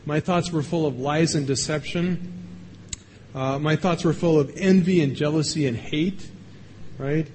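Male pastor, conversational sermon, a touch high-pitched, faint background ambience. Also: unhurried, darkish tone, a little hiss or hum. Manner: conversational, asks the audience questions; acts out little voices for illustration.

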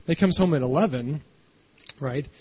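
A man's voice: a little high, moderate pace, dark tone, breathy edge. A man preaching a conversational sermon, often checking in with the congregation by asking "right?". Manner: chatty, keeps adding "right?". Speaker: pastor.

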